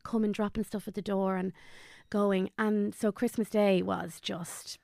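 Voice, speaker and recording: A woman tells an emotional personal story as a podcast guest. Her voice has a gravelly creak, and she often falters and drops to a hushed tone. The sound is close and dry. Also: mid-range voice, level tone, dry recording. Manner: halting, drops to a hushed near-whisper on painful memories.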